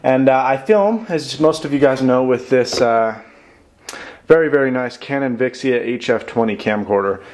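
A young man hosting a casual unboxing vlog, chatty and excited, rambling and correcting himself as he goes. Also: medium pitch, moderate pace, slight background noise. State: out of breath. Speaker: tech YouTuber.

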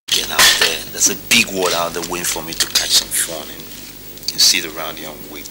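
A man's voice: very deep voice, fairly even intonation, brisk. An actor playing a spoiled, defiant young man who talks back to his father in slangy swagger, with a Nigerian accent. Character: spoiled young billionaire's son. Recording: noisy room.

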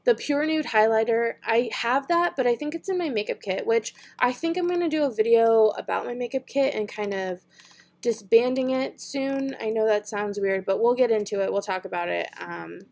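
A woman's voice: fairly high pitch, moderate pace, creaky, darkish tone. A young woman beauty vlogger chatting casually and thinking aloud while she browses makeup online, with frequent giggles. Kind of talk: casual online shopping chat.

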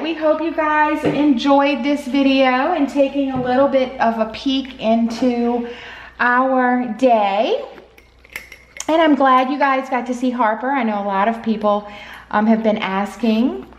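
A woman's voice: high-pitched, fairly even intonation, measured pace, slight background noise. A woman chatting casually at home as a pet vlogger, filling her talk with "you know.". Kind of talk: casual chat. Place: home at night. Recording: echoey room.

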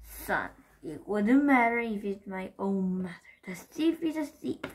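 A woman's voice: medium pitch, expressive, unhurried, slight background noise, natural voice. Woman doing a stern, indignant papa bear. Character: stern father bear, accused of theft.

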